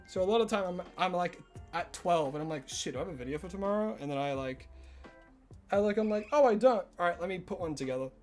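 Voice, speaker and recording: A young Australian man with a high, light voice chats casually on a live stream, his accent a little Americanized. He answers viewers in a loose, self-mocking way while faint music plays under him. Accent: Australian with some American influence. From Tasmania, Australia.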